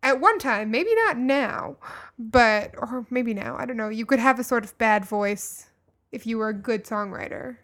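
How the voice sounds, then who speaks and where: A woman's voice: on the high side, expressive, moderate pace, a bit bright. A woman co-hosting a casual music podcast, chatting with many ums and restarts. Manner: hesitant, lots of ums and restarts. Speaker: podcast co-host.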